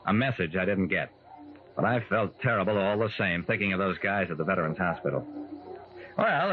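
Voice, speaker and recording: An actor narrating in the first person as a rueful man, with dramatic pauses in 1940s radio acting. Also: lowish voice. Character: rueful adult man telling his own story. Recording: tinny old radio broadcast.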